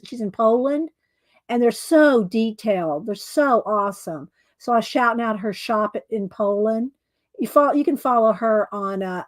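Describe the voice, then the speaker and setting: A woman with a somewhat high voice chats casually on a livestream, rambling and thinking out loud with plenty of fillers. Her voice sounds close and dry, with no room echo. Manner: rambling, chatty, thinks aloud with many fillers. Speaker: livestream host showing her art.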